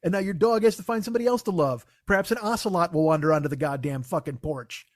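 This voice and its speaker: A man's voice: a little high, fast, dry recording, clean studio sound. A man hosting a comedy podcast, ranting in a profane, sarcastic, mocking way. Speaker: podcast host.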